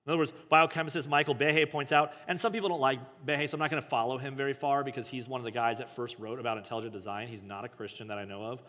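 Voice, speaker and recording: A man's voice: medium pitch, steady tone, fast talker, hardly any pauses, sharp tone. A man, a pastor, reads passages from a book aloud and breaks off into casual, joking commentary and self-corrections. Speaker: pastor teaching a book study. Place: church hall. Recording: long hall reverb.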